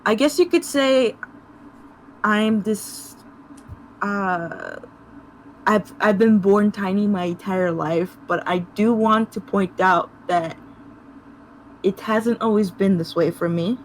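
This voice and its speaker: A woman's voice: medium pitch, slow pace, pauses often, slight background noise, natural voice, poor audio. A woman playing an awkward, tiny shopkeeper, with giggles.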